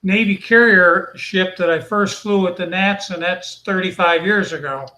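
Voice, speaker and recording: A man's voice: high-pitched, normal speed, pushed and bright. A man on a casual video call, patiently explaining aircraft details and his model building. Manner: knowledgeable, explains aircraft designations step by step. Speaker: guest on a hobby hangout. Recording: roomy echoey room sound.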